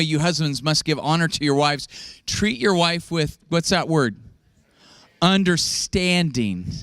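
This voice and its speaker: A man's voice: a little high, fairly bright tone, dry recording. A man preaching a sermon as pastor, joking with the congregation and acting out quotes in a raised voice.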